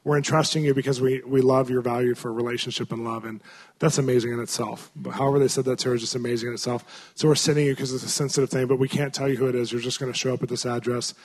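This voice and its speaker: A pastor tells a story to his congregation in an earnest, conversational sermon full of fillers and restarts. His mid-range voice is steady, fast, and darkish in tone with a breathy edge.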